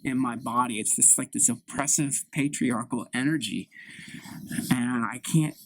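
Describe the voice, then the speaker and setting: Man doing an insecure young daughter, halting, repetitive, plaintive, slow delivery. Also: medium pitch, a bit bright, no echo, rough recording. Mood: aggrieved. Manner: halting, repeats herself, plaintive. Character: anxious young woman, insecure and aggrieved daughter. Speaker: improv performer. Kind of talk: solo improv scene.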